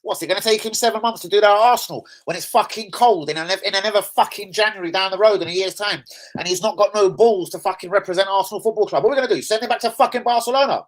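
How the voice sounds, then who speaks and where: A football fan rants angrily on a live stream at a rapid-fire pace, swearing constantly. He swings between loud outbursts and low, disgusted mutters.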